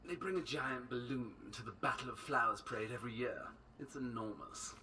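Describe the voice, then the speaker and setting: A man's voice: medium pitch, brisk, sharp tone, distant mic, slight background noise, close to an everyday voice. An actor playing a chatty, scheming male helper in a video game, full of ideas.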